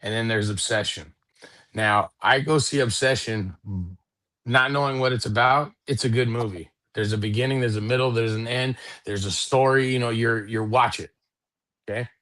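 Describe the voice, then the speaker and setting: A middle-aged man rambles through a casual podcast chat, peppering his talk with swearing and "you know what I mean." His voice sits at an ordinary pitch, and the sound is dry and close, with no room around it. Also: steady tone, normal speed, fairly bright tone, dry recording. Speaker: podcast co-host.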